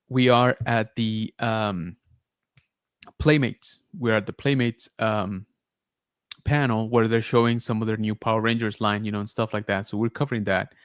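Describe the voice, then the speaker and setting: A man hosting a podcast, telling a story in a casual, animated way with lots of filler words. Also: on the low side, smooth, dry recording, clean studio sound. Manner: animated retelling, many filler likes and rights. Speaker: podcast host.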